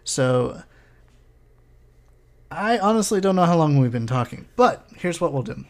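A man's voice: a little high, expressive, unhurried. A young man co-hosting a casual podcast, talking in a rambling, laid-back way. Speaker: podcast co-host. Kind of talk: casual chat.

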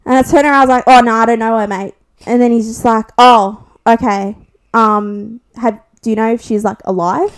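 Animated young Australian woman, sweary. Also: fairly high pitch, moderate pace, smooth. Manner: animated, swears constantly, acts out quotes. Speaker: podcast co-host. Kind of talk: casual gossip storytelling.

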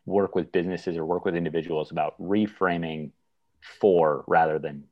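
A man's voice: sits low, fairly even intonation, normal speed, no room sound, highs cut off. A man hosting a podcast interview, asking thoughtful questions with some hesitant restarts. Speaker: podcast host.

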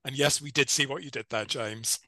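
A man's voice: medium pitch, fairly quick, bright, forceful tone, no echo. A man co-hosting a podcast, reading listener reviews aloud with dry, teasing remarks. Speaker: podcast co-host.

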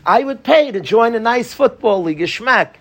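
Man, rabbi teaching a class, husky voice, passionate, pleading, light joking with students. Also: very high voice, expressive, moderate pace. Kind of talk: Torah class lecture to students.

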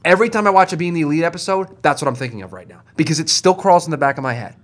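A man's voice: a little high, expressive, racing. A man co-hosting a podcast in casual chat, emphatic and insistent as he builds his points step by step. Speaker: podcast co-host.

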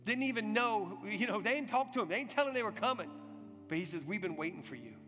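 A man preaching a sermon, telling a story dramatically, swinging from urgent loud passages to hushed, quiet ones. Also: very high voice, fast talker. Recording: long hall reverb with music behind.

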